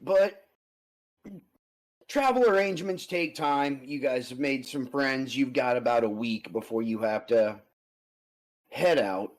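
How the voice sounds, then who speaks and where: A man's voice: mid-range voice, a little slow, pauses often, poor audio. A man acting as game master for an online tabletop game, talking in an easygoing, chatty way and laughing often.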